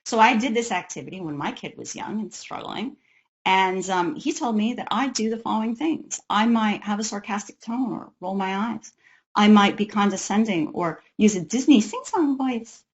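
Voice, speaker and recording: Woman giving a lively health talk. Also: mid-range voice, highs cut off. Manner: conversational, acts out parents' and kids' voices. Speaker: presenter on autism care, parent of an autistic son.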